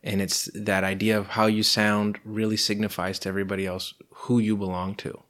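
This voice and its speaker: A man's voice: on the low side, little pitch movement, fairly quick, a bit bright. A young man with an American accent, a guest in a casual interview, talking things through thoughtfully with frequent fillers. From grew up between the United States, Cyprus, Brussels and London. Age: young adult.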